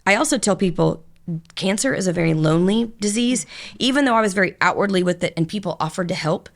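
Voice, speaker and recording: A middle-aged business owner appears as a podcast guest, telling her story frankly and openly in long, run-on conversational stretches. Her medium-pitched voice is expressive and fast, with vocal fry.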